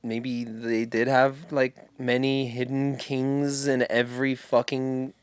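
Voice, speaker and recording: A man's voice: mid-range voice, little pitch movement, slow, clear, resonant tone, no room sound. A man co-hosting a podcast, chatting loosely about a fantasy series, rambling and swearing casually. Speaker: podcast co-host.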